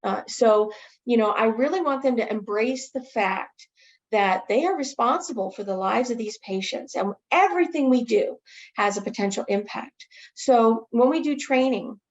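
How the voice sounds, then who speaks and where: A woman training others in infection prevention, answering a webinar question as an enthusiastic, animated storyteller. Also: a little high, moderate pace, lo-fi sound.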